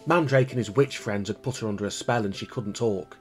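A man's voice: lowish voice, a little fast, faint music behind, natural voice. Man doing an eager young boy hero. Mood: earnest. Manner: excited, calling out.

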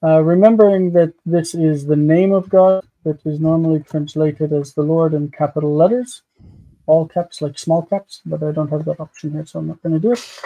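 A man's voice: a little high, fairly even intonation, normal speed, mellow, low-quality recording. A man hosting a live online class, patiently explaining grammar and pronunciation step by step. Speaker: host teaching biblical Hebrew grammar.

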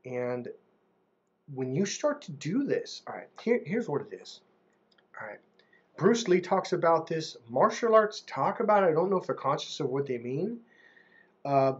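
This relationship coach is a man with a high voice and a breathy edge, delivering a casual to-camera monologue in which the highs are cut off. He speaks animatedly and mimics how others talk.

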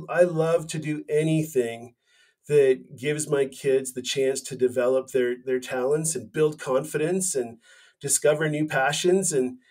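A man's voice: on the high side, a little mellow. A man in his forties, a company founder, speaking as a podcast guest and telling his story earnestly, often restarting his phrases. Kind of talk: casual interview chat.

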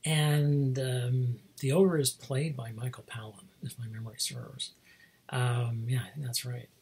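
Very breathy middle-aged man rambling. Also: medium pitch, flat delivery, a little slow, a little mellow. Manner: rambling, chuckling often, with many restarts. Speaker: host. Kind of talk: casual rambling monologue.

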